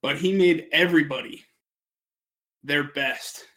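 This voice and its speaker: Young guy on a podcast, kinda high voice, rambles and swears, laughs thru his stories. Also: a little slow, a bit bright. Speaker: podcast co-host. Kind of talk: casual podcast chat.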